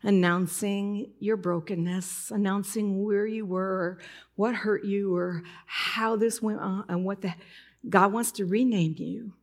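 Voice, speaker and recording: A woman preaching in church with a gravelly, creaky edge to her voice. She talks casually and personally, moving from easy chat into tearful emotion as she tells her story. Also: medium pitch, fairly even intonation, measured pace. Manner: conversational, emotional, breaks into tears while retelling.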